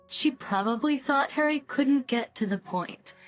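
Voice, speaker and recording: A woman in her fifties narrating a first-person family story in a calm, matter-of-fact way. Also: high voice, a little slow. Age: 50s. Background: faint background music.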